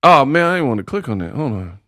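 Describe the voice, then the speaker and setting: A man's voice: mid-range voice, very animated, fast talker, sharp tone, dry recording, studio quality. A man doing casual live-stream commentary, joking and laughing in slangy banter with his chat.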